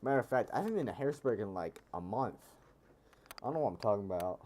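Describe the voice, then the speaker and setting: Mellow-voiced man rambling over a racing game. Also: fairly low pitch, expressive, fast talker. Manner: rambling and jokey, often correcting himself. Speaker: gaming streamer. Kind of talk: casual live game commentary. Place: lives near a Pennsylvania capital city.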